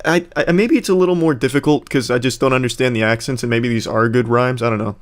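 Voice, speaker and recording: A man giving sarcastic, deadpan commentary on a rap battle video. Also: medium pitch, quick pace, few pauses. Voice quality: deadpan and mocking.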